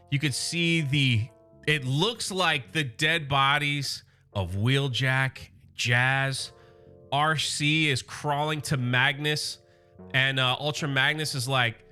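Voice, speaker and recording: A high-voiced man talks through a comic issue with excited, casual energy. His tone is bright and sharp, and soft music plays behind him. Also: smooth. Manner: enthusiastic, casual, reads quotes aloud. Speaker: comic book channel host.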